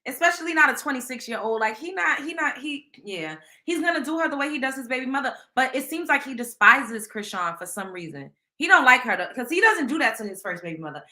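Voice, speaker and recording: A woman with a Southern US drawl runs a casual live stream, her voice pitched a little high and ringing bright. She is blunt and emphatic, keeps turning to her viewers to ask what they think, and leans hard on slang. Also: big pitch swings, fast, hardly any pauses. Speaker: host.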